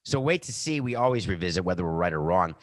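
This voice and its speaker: Male podcast host, lowish voice, dry close sound, quick jokey sports banter. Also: no room sound. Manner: animated, tangents and jokey asides. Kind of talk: sports betting talk.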